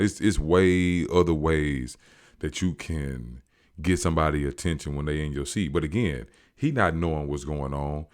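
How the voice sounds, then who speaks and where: Deep-voiced man, slangy animated recap. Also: normal speed. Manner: animated, slangy, acts out quotes. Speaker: show recapper. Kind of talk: casual storytelling recap.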